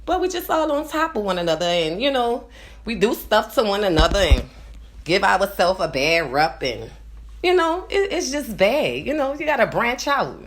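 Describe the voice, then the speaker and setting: A woman's voice: medium pitch, very animated, moderate pace. A woman in her forties with a nasal New Orleans accent, rambling to her viewers in a casual monologue and often checking in with "you understand?". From New Orleans, USA. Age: 40s. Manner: rambling, repeats "you understand?", swings between loud and quiet. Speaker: vlogger.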